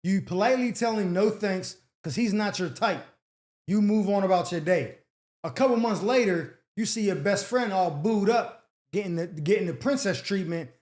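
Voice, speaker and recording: A man's voice: high-pitched, expressive, moderate pace, a little mellow. A man hosting an advice show, giving blunt, slangy, mocking commentary. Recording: roomy echo.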